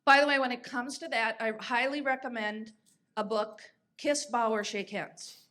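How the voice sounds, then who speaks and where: Woman in her 50s, kinda high voice, chatty story-telling host, lots of ums. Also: steady tone, moderate pace, a bit bright. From United States. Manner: anecdotal, chatty, frequent fillers and restarts. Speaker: podcast host. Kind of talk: conversational storytelling.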